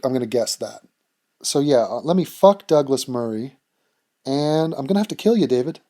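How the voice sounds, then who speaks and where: A man's voice: mid-range voice, expressive, moderate pace, warm tone. A man hosting a casual vlog, answering viewer questions bluntly, with plenty of swearing and jokes. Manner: blunt, profane and joking. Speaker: YouTube channel host answering viewer questions.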